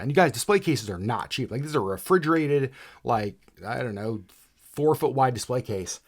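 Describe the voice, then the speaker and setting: A woman's voice: a bass voice, lively intonation, normal speed. Woman cohost just chatting, teasing and rambly, voice bounces all over. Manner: playful, teasing, rambling with many fillers. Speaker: podcast co-host. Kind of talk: casual chat.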